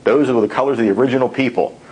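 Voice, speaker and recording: Stern, self-important male shadow president who likes his own voice, husky, mid-pitched, put on by a man telling a tall tale. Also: racing, mellow, lightly acted, low-quality recording. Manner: stern, long-winded.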